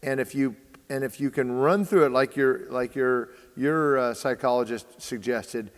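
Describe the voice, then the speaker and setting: A man's voice: medium pitch, a little slow. A man hosting a baseball training conversation, telling stories with lots of fillers and acting out the dialogue. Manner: storytelling, acts out quoted dialogue, many fillers. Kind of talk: casual podcast conversation. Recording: long hall reverb.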